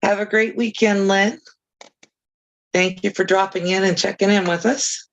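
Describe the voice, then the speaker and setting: A woman's voice: mid-range voice, steady tone, a little slow, dull audio. A woman hosting a casual crafting livestream, chatting easily with viewers and reading out their comments, with chirpy, self-deprecating asides.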